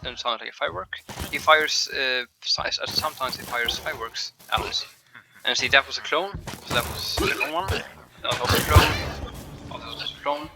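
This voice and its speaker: Hosting a game showcase, a man offers casual commentary, explaining things haltingly and rambling with many restarts. He has a mid-range voice, and the background is noisy.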